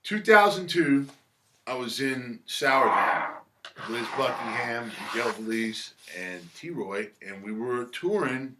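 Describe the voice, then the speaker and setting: A man's voice: mid-range voice, very animated, slow pace, heavy background noise. A man telling stories in a casual interview, laid-back, swearing freely and acting out what others said. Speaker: musician guest. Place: record shop.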